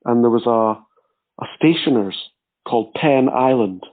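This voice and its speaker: A man talking as a guest with a dry, teasing wit. His pitch is middling, and the sound is narrow and phone-like. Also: measured pace. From Scotland. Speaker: podcast guest. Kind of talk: casual chat. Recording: tinny phone-like line.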